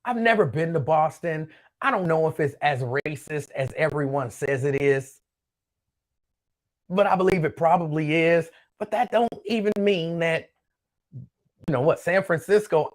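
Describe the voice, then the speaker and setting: A man hosting his own show, chatting casually on his own and reading out viewer comments in a loose, rambling way that repeats itself. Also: fairly high pitch. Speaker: show host.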